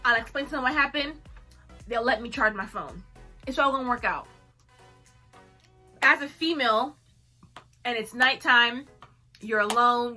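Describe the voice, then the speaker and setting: A young woman vlogger telling a personal story to camera in a casual, animated way, acting out what she said. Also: fairly high pitch. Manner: animated, acts out her own lines with laughs.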